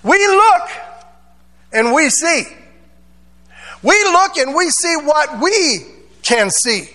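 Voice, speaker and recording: A man's voice: very high voice, very animated, slow pace, pushed and bright, big-room sound. A man pastor preaching a sermon, dramatic, acting out voices and drawing amens. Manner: preaching with call-and-response amens; dramatic, acts out voices of Bible figures.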